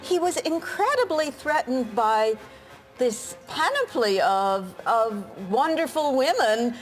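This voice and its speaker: Woman, documentary interview, animated, lively up-and-down voice, fairly high. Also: takes it slowly, faint music behind. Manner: animated, acts out remembered scenes.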